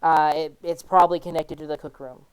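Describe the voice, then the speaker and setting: Smooth-voiced woman running a tabletop game. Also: deep voice, level tone, fairly quick. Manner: filler-heavy, casual. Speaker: game master.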